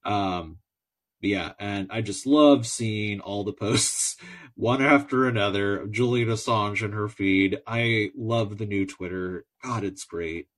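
An American man talks on his own podcast in a somewhat low voice. He rambles, with many fillers and false starts, and also reads a long letter aloud. His tone stays casual and conversational. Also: slow pace. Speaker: podcast host. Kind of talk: solo podcast monologue, reading a letter aloud.

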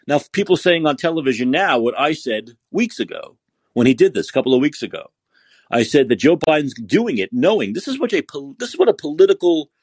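Male podcast host with a husky voice, combative and mocking, recorded dry. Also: mid-range voice, a little mellow, dry recording. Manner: sarcastic, combative, insulting. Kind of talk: ranting political commentary.

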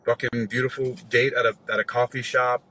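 A man's voice: mid-range voice, a little fast, slight background noise, poor audio. A man in his forties telling a long story in casual chat, rambling and swearing, acting out the other people's lines as he goes. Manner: rambling, profane, animated retelling with quoted dialogue.

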